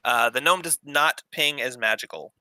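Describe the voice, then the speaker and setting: A man narrating a tabletop game as game master, rambling and filling pauses with ums. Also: mid-range voice, sharp tone, no room sound. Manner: rambling, with many fillers.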